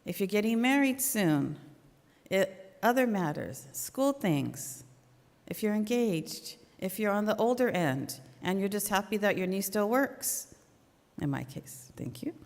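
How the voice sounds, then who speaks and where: A woman's voice: mid-range voice, animated, unhurried, darkish tone. A middle-aged woman giving an earnest, conversational faith talk at a church memorial service. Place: church hall. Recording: long hall reverb.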